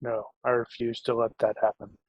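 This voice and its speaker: A man's voice: mid-range voice, no room sound, lo-fi sound. A man playing a tabletop game, chatting casually and laughing easily, recorded at home on a desk mic over voice chat. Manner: lively, quick to laugh, chatty. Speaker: player.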